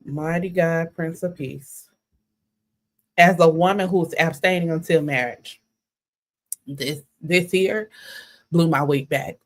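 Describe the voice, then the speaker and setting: A woman's voice: low voice, takes it slowly, long pauses. A woman hosting a casual commentary show, reading texts aloud and reacting candidly, often laughing. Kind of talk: casual commentary on social media drama.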